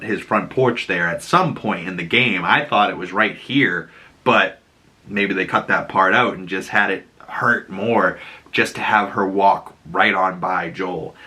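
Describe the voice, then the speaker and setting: Man with a Boston accent, video host, rambling and excitable, crude jokes, bright forceful voice. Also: lowish voice. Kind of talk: casual TV episode breakdown.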